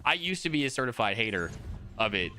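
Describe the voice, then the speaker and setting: A man's voice: mid-range voice, very animated, fast talker, pushed and bright, slight background noise. A young man chatting casually on a live stream, rambling and swearing, with frequent laughs.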